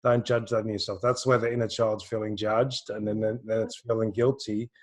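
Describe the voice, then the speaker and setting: A man's voice: on the low side, little pitch movement, brisk. An Australian man leads a live intuitive reading in a loose, chatty way. He circles back over his own words and breaks into laughs, and he sounds like he is on a video call. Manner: rambling, repeats words, laughs often. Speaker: intuitive reader, co-host. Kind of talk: live online session, casual chat.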